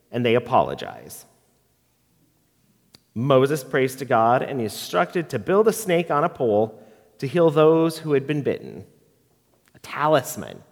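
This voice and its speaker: A man giving a sermon and reading a poem aloud, in a slow, reflective and expressive way, in a church. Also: fairly high pitch. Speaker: preacher. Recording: long reverb of a large hall.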